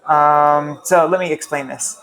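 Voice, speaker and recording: Chatty man teaching, slightly high voice. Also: fairly even intonation, measured pace, a bit bright. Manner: chatty, self-interrupting, repeats sounds to demonstrate. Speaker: language teacher. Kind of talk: casual online class.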